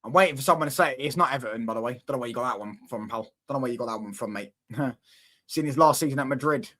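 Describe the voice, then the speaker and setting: A man's voice: mid-range voice, quick pace, bright, forceful tone. A young man, hosting a casual football live stream, bantering with viewer comments and repeating himself. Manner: banter-filled, repetitive, keeps asking if you get what he's saying. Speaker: football watchalong host.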